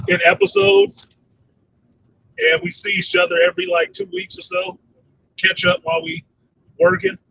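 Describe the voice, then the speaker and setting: A lively, high-voiced man with a gravelly edge chats casually on his fan show, swinging his pitch all over as he laughs and swears at will. He sits a bit back from a dull-sounding mic, with a faint hiss under his voice. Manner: animated, laughing often, swearing freely. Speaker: host of a fan chat show. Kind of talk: casual livestream chat reading comments. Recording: slightly distant dull mic with faint noise.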